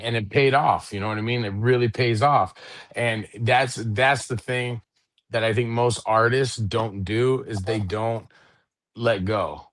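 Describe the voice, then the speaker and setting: A middle-aged man rambles through a casual podcast chat, peppering his talk with swearing and "you know what I mean." His voice sits at an ordinary pitch, and the sound is dry and close, with no room around it. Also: fairly even intonation, normal speed, fairly bright tone, dry recording. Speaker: podcast co-host.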